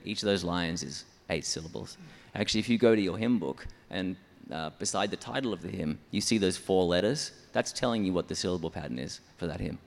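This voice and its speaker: A man's voice: low voice, expressive, fairly quick, creaky, long reverb tail. A man who writes songs for church, explaining his method step by step in an interview. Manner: methodical, explanatory, counts syllables aloud. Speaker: church songwriter.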